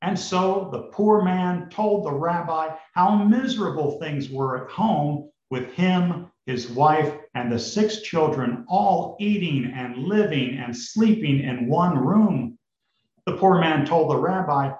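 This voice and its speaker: A man's voice: on the high side, takes it slowly, a little mellow. A male preacher telling a fable in his sermon, in a storytelling manner and addressing the congregation. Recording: roomy, slightly dull recording.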